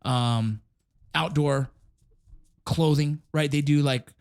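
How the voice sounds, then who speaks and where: A man's voice: fairly high pitch, slow, clean tone. Easygoing man hosting a podcast. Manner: relaxed, swearing, laughing often. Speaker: podcast host. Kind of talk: casual chat with sponsor reads. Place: office.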